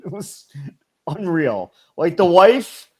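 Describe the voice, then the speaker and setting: A man co-hosting a podcast, chatting casually with mocking, deadpan jokes. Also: high-pitched, slow pace, husky, highs cut off. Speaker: podcast co-host.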